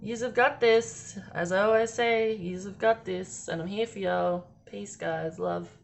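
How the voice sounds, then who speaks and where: A woman's voice: mid-range voice, fairly even intonation, unhurried, vocal fry, slight background noise. A young woman giving a casual tarot reading in a chatty, rambling way, swearing freely and filling gaps with "um" and "like". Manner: rambling, chatty and swearing, with frequent laughs and fillers. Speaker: tarot card reader.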